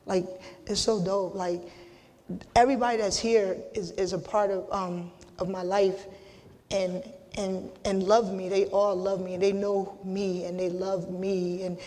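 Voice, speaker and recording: A middle-aged woman holding back tears, giving a halting acceptance speech full of restarts and casual slang. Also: medium pitch, flat delivery, warm tone. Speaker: hall of fame inductee. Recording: long hall reverb.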